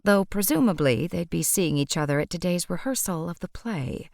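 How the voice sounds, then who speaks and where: Female audiobook narrator, wry, low-pitched, very dry close recording. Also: lively intonation, moderate pace, gravelly, darkish tone, no room sound.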